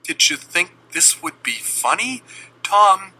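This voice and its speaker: A man's voice: high-pitched, very animated, takes it slowly, bright, forceful tone, slightly rough, voice pushed up, full character voice, poor audio. Brief: wounded mom scolding her boy, a man doing her lines. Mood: reproachful. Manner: reproachful and pleading. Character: upset mother scolding her son.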